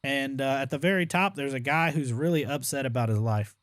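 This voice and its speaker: A young man giving casual gameplay commentary as a streamer, chatty, with exaggerated complaints and excited outbursts. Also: medium pitch, a little fast, no echo. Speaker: gaming streamer.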